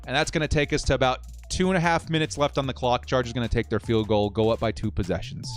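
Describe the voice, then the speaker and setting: A man hosting a live sports watch-party stream, cheering loudly one moment and muttering nervously the next. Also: mid-range voice, quick pace, faint music behind. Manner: excitable, swings from loud cheering to quiet nervous muttering.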